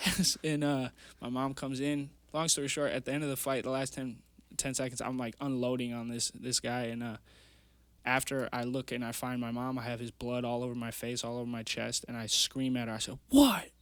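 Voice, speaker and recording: A young man in his twenties talks as a podcast guest, earnest and rambling, leaning on lots of fillers as he tells his story. His voice sits at an everyday middle pitch. The sound is close and dry, with no room around it. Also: little pitch movement, brisk, a bit bright, clean tone, no room sound. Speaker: guest, amateur MMA fighter. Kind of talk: casual storytelling interview. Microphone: podcast mic.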